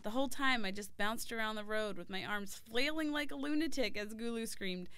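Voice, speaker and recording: A woman's voice: mid-range voice, normal speed, crowd noise. A young woman narrating a personal story in an earnest, scripted way. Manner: earnest storytelling, shouting the quoted cries. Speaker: former volunteer telling a story. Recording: narration over loud music.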